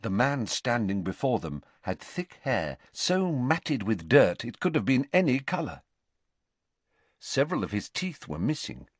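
A man narrating an audiobook in a measured, expressive storytelling voice. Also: mid-range voice, no echo. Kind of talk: scripted narration.

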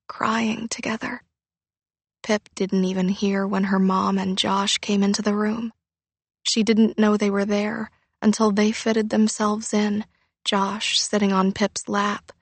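Unhurried female audiobook narrator. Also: mid-range voice, creaky, slightly rough, dry recording. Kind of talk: scripted narration.

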